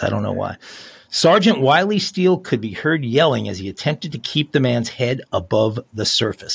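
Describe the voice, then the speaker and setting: A man's voice: mid-range voice, creaky, breathy edge. A man co-hosting a crime podcast, reading news stories aloud with chatty, self-deprecating asides. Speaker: podcast co-host.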